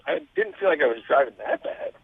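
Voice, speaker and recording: A man's voice: on the high side, wildly swooping pitch, fast, vocal fry. A man calling in to a radio show, unsure and repeating himself as he talks. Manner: uncertain, stammering. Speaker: caller on phone. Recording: tinny phone line.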